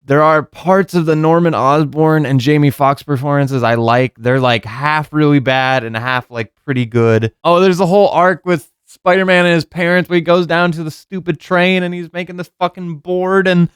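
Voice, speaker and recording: A man's voice: fairly high pitch, steady tone, moderate pace, few pauses, smooth, dry recording, studio quality. A young man giving a casual spoken movie review, frank and exasperated, swearing freely.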